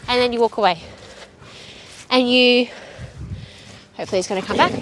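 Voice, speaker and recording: A woman with a high voice gives brisk, direct dog-training instructions outdoors. She is audibly out of breath and keeps checking that her viewers are following along. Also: expressive, a little hiss or hum. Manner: direct, brisk coaching with frequent check-ins. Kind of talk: instructional video.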